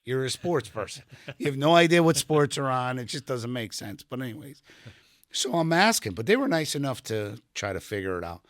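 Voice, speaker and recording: Very animated and fairly quick, a middle-aged retired Army sergeant with a medium-pitched voice rambles through filler-heavy stories, quoting people as he goes. The casual podcast chat is recorded dry and clean in a podcast studio room.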